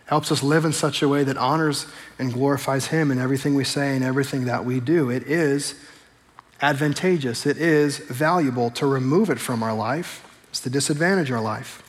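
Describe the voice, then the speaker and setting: A man preaching a sermon as pastor, talking in a relaxed, conversational way and slowing down to stress the scripture he quotes. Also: mid-range voice. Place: church sanctuary. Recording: long hall reverb.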